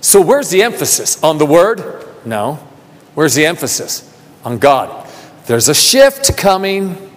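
A man preaching a sermon, asking rhetorical questions and repeating phrases, building from soft talk to emphatic calls. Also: a little high, big pitch swings, takes it slowly. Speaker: pastor. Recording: long reverb of a large hall.

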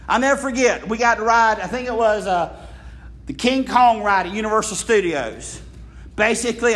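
Pastor guy preaching, really high voice, lots of "guess what?" questions and acted-out bits. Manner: lively preaching with rhetorical questions and acted-out quotes. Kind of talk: sermon.

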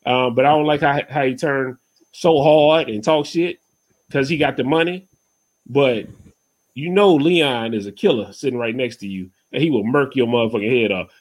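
A man's voice: mid-range voice, moderate pace. A man hosting a podcast in loose, rambling casual chat, peppered with "you know what I'm saying" and getting heated when he rants. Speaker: podcast host.

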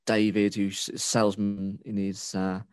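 A man talks in a low voice, swearing freely and ranting as his sentences restart and wander. The recording is dry and close, with no room sound. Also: level tone, measured pace, smooth, dry recording. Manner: rambling with restarts and fillers. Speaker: podcast co-host. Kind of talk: casual chat.

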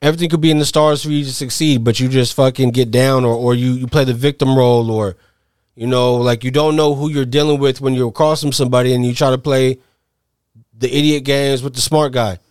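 A man's voice: mid-range voice, fairly even intonation, fairly quick, darkish tone, clear, resonant tone, dry recording, clean studio sound. A man co-hosting a casual podcast, talking reflectively with plenty of swearing. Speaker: podcast co-host.

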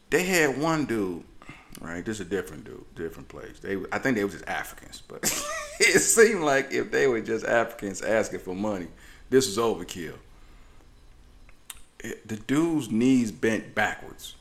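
A man telling a rambling comic story on a podcast. His pitch swings widely and expressively, and he breaks into laughter often. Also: huge pitch swings, a little slow, fairly bright tone. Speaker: podcast co-host.

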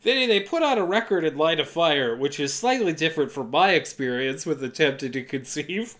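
A man in his thirties casually retelling a film plot for laughs, chuckling often and slipping into quick voices for the characters. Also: fairly high pitch, expressive, fairly bright tone. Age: 30s. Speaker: podcast co-host. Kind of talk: casual comedic movie recap.

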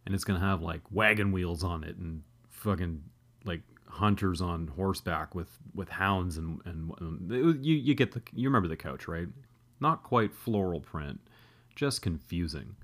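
A man's voice: low voice, lively intonation, normal speed, a bit bright. A man in his thirties telling a comedic, profane, self-deprecating childhood story as a podcast host.

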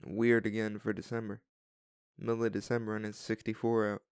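A man's voice: lowish voice, flat delivery, a little fast, a little mellow, clean tone, dry recording. A man co-hosting a podcast in casual chat, easygoing and joking with dry humor. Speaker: podcast co-host.

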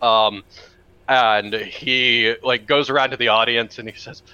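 A man's voice: mid-range voice, steady tone, measured pace, sharp tone, clean tone, dry recording, dull audio. A man playing in a tabletop game podcast, rambling and laughing as he talks. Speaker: player.

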